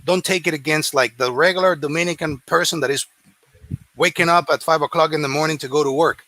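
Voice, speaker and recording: A man's voice: a little high, quick pace, pushed and bright, dry recording, low-quality recording. A man hosting a casual discussion, earnest and agreeable as he makes his points. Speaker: host.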